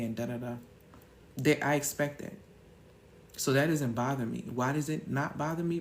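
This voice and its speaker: A woman's voice: extremely low pitch, a little mellow. Woman host, live-stream pep talk, emphatic, rhetorical questions, slangy, faint background hiss. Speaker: women's mentor hosting a live stream.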